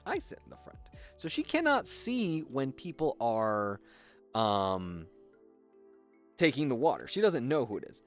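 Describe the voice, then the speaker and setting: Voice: medium pitch, sing-song, unhurried, faint music behind. A streamer chatting casually during a livestream, rambling and swearing with lots of fillers. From United States. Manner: rambling, profane storytelling with many fillers. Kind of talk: casual chat while building on a livestream.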